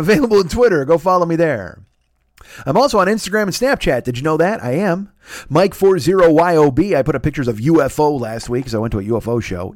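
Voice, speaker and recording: A man's voice: medium pitch, darkish tone, no room sound, clean studio sound. A man in his forties hosting a comedy podcast, ranting in an exasperated, profane, rambling way with stammered restarts. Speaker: podcast host. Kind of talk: comedic rant.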